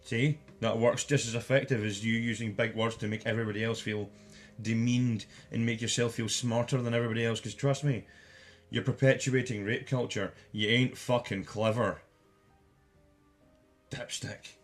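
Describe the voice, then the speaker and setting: A man's voice: mid-range voice, fairly even intonation, moderate pace, faint music behind. A man giving an angry, profanity-laden commentary as a vlogger, hurling insults.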